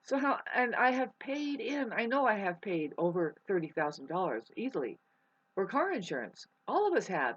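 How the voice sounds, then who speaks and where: A woman's voice: a little high, a bit bright, slightly rough. A woman vlogger rambling in a casual monologue. She swears freely, restarts her sentences often and eats while she talks. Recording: muffled lo-fi recording.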